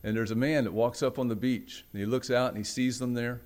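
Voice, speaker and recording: A man preaching a sermon, telling a story with dramatic swings from loud, raised passages to hushed ones and acting out the voices in it. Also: mid-range voice, fairly even intonation, brisk. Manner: acts out the quoted voices in the story. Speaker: pastor.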